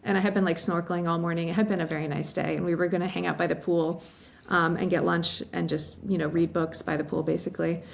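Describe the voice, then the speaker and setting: A woman from western Massachusetts, a novelist guest telling a story in a chatty interview, full of fillers and quick laughs, a little teary. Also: on the low side, flat delivery, gravelly. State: emotional, teary.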